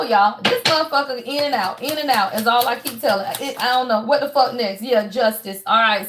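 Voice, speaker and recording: A woman giving a casual tarot reading to her viewers, emphatic and profane, with animated laughs and sudden shouts, tagging her sentences with y'all. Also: sits high. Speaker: tarot reader.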